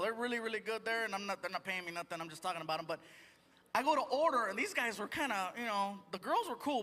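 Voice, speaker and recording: High-voiced man doing stand-up. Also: long reverb tail. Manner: chatty, animated, acts out voices. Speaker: stand-up comedian. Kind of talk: stand-up comedy set. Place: large theater stage. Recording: live theater with crowd noise.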